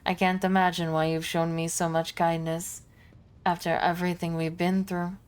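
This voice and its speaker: A tired, tender-hearted psychic companion, as a woman voices her in a put-on accent. Her delivery is wistful and emotional, with a slightly low voice. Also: flat delivery, normal speed, clear, resonant tone, natural voice. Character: weary, sentimental female psychic companion.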